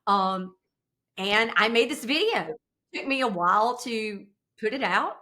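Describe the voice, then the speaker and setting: A woman's voice: on the high side, a little slow. A woman in her fifties from South Carolina with a Southern American accent, a podcast guest chatting casually and telling stories with lots of laughter. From South Carolina, USA. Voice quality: animated storyteller, laughs often, playful voices in quotes. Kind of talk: casual interview chat.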